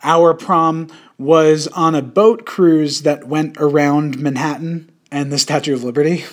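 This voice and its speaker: Young male podcast host with a high voice, crude and jokey, loose casual delivery. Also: steady tone, a little slow. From suburbs of New York City. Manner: crude joking, puts on an old-timey voice.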